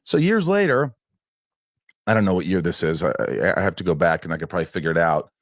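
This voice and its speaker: A man's voice: low voice, lively intonation, fast talker, dry recording, clean studio sound. Man rambling through a personal story. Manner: rambling, restarts often, acts out quotes. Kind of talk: telling a personal story in an interview.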